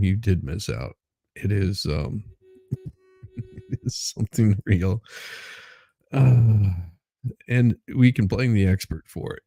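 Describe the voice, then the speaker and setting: A man with a gravelly, husky voice hosts a casual morning livestream. He talks slowly, greets chat viewers by name, and laughs often as he goes. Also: lowish voice, warm tone, no echo. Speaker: livestream host.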